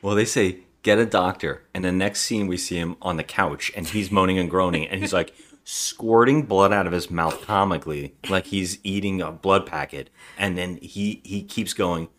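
A man co-hosting a movie podcast, recounting scenes in animated casual chat. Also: low-pitched, moderate pace. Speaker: podcast co-host.

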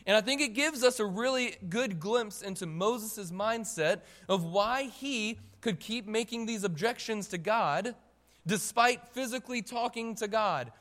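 A high-voiced man preaches a sermon with animated emphasis, calling on the congregation to look and answer. His voice rings out with a long reverb in the church hall.

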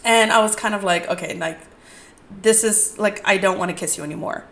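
A woman's voice: medium pitch, brisk, fairly bright tone. A young woman hosting a podcast, telling dating stories in a candid, profane, rambling way with lots of "like". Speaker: podcast host. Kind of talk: casual storytelling podcast.

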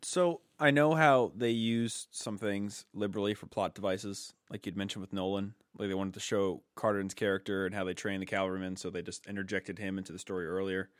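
A man's voice: low-pitched, fairly even intonation, brisk, hardly any pauses, clean tone, no room sound, studio quality. A man chatting casually on a podcast, enthusiastic and loose, full of fillers. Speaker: podcast co-host.

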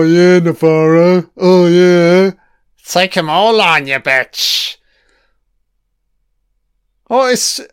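A man's voice: a little high, fairly bright tone, clear, resonant tone, dry recording, clean studio sound. A man giving a profane, sarcastic ranting commentary while watching a TV episode.

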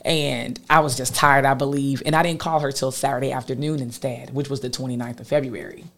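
A woman, a guest telling a personal story in an animated way, acting out what others said. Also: rumbling low, a little fast. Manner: animated, quotes others with lively voices.

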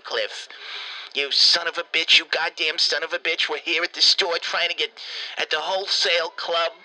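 A man's voice: sits high, pushed and bright, poor audio. A man voicing a furious, foul-mouthed old grandmother who scolds and curses. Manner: cursing, scolding rant.

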